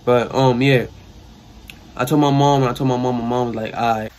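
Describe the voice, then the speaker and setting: Fast-talking young New York man. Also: mid-range voice. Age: young adult. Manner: rambling, slangy, animated retelling. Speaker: storyteller vlogger. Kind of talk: casual storytime. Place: sister's room.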